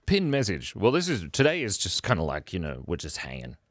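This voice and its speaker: A man's voice: deep voice, huge pitch swings, fairly quick, dry recording, studio quality. A man hosting a casual livestream chat, playful and silly, often giggling. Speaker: livestream host.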